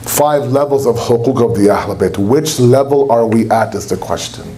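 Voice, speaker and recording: A young man delivers an impassioned sermon in a lecture hall at a religious center, raising his voice to act out quotes. His mid-range voice is mellow and moves at a normal speed, with soft music playing behind him.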